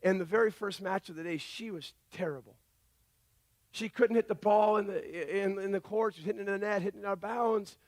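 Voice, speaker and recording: Animated high-voiced male pastor preaching. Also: a little fast. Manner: animated storytelling, acting out voices in quotes. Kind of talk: sermon.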